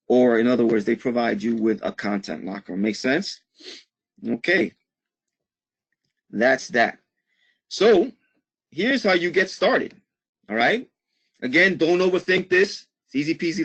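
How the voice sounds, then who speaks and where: A man's voice: medium pitch, vocal fry, husky. A man teaching a live online marketing webinar in an upbeat way, checking in with "okay?" after almost every phrase.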